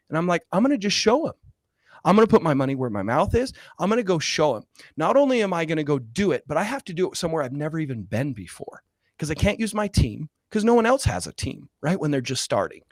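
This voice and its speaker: A man's voice: fairly high pitch, sing-song, fast, no room sound. A man guest in an interview, earnestly telling a personal story with many fillers and growing emotion. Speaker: guest, real estate investor.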